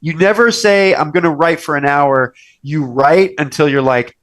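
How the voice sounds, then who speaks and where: A young man hosting a casual chat show from a restaurant's wine cellar, telling stories and acting out quoted lines in bigger voices. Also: moderate pace. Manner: animated storyteller, acts out quotes with big pitch jumps. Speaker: podcast host.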